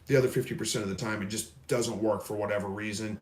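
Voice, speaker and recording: The livestream host, a Missouri man, reads out viewer questions and responds in a folksy, meandering way. His voice sits on the low side with a steady tone, he speaks fast, and the audio carries a roomy echo.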